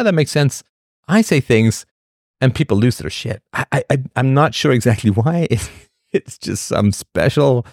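A man's voice: lowish voice, darkish tone, no echo, clean studio sound. A man hosting a casual livestream, talking in a rambling, sardonic way with frequent restarts. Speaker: livestream host.

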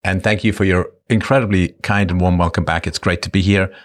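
Fifties male livestream host, low-ish voice, playful and jokey, casual chat. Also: fairly even intonation, a little fast. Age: 50s. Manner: playful, jokey, slips into silly put-on voices.

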